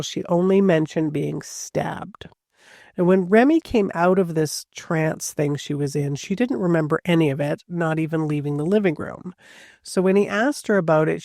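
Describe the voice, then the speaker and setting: Gravelly, chatty true-crime podcast host. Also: mid-range voice, a little mellow, no echo, clean studio sound. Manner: chatty, with asides and frequent "like". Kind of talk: casual true-crime storytelling.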